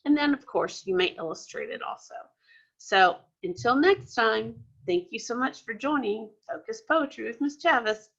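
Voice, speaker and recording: A woman's voice: a little high, animated, normal speed, vocal fry, a bit bright, muffled recording. A woman teacher giving a recorded lesson to young children, explaining patiently step by step. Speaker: second grade teacher.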